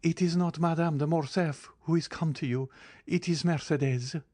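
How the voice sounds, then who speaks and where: A man's voice: a little high, fairly even intonation, normal speed, darkish tone, dry recording, pitched above the performer's own voice, natural voice. A man reading an audiobook, voicing a despairing middle-aged noblewoman who pleads for her son. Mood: pleading. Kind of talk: audiobook character voice.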